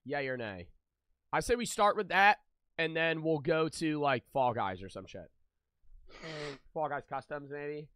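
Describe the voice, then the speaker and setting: A man's voice: fairly high pitch, lively intonation, unhurried, long pauses, fairly bright tone, no room sound. A young man streaming, chatting loosely with his viewers, joking and swearing freely. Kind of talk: casual live-stream chat with viewers.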